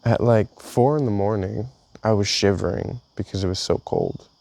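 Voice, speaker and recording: Young man, low gravelly voice, reading his journal aloud, casual halting storytelling. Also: darkish tone. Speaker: vlogger.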